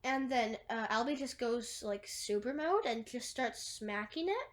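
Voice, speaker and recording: A woman's voice: on the high side, lively intonation, unhurried. A woman casually retelling a movie plot, rambling through long chains of "and then" and fillers, with wry asides. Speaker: movie recapper.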